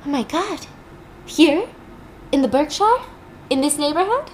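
A woman's voice: animated, unhurried, a little mellow, a little hiss or hum. A woman doing an unhinged grieving housewife. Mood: frantic. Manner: shrill, erratic, wild swings.

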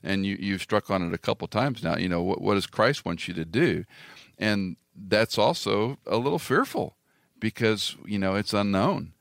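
Male interview host, very low gravelly voice, self-deprecating humor. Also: lively intonation, moderate pace, no echo, clean studio sound. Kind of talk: casual interview talk.

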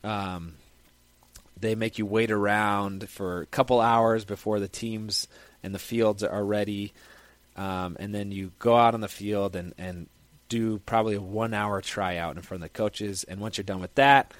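A young man recounts a personal story in a lively, conversational way. His voice sits fairly low, and the sound is close and dry with no room around it. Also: unhurried, dry recording. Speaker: football player. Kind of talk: casual first-person storytelling.

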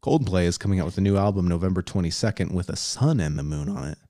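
A man's voice: low-pitched, expressive, fast, dark tone, no echo, studio quality. A young man co-hosting a casual podcast, reading listener letters aloud in a playful, teasing way. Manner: playful, teasing, laughs often. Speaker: podcast co-host.

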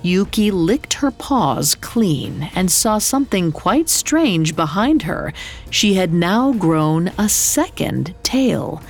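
Slow, gravelly woman narrating a tale. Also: lowish voice, very animated. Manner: slow, dramatic storytelling delivery. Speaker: podcast narrator. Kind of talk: scripted storytelling narration. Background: faint music.

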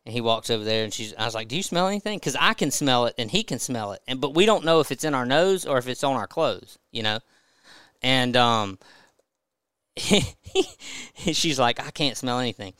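A man's voice: medium pitch, lively intonation, moderate pace, fairly bright tone, clear, resonant tone, no echo. A man casually telling a funny hunting story as a podcast guest, laughing as he goes.

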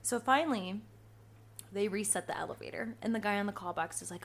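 A woman in her twenties hosting a podcast, telling stories in a casual, profane, animated way. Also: medium pitch, fairly quick, slight background noise. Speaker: podcast host. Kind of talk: casual storytelling monologue.

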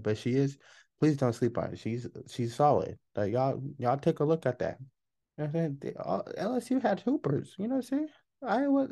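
Woman host, heated casual sports rant, profane and emphatic, relaxed low-brightness tone. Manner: profane, emphatic, rapid rhetorical questions. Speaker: podcast host. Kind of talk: casual ranting commentary.

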